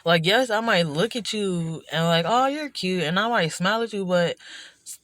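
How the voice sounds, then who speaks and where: A woman's voice: on the low side, moderate pace, fairly bright tone, no room sound. A woman vlogger talking through her feelings in a rambling, introspective way, full of restarts and "you know", recorded indoors at night. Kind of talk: reflective personal vlog monologue.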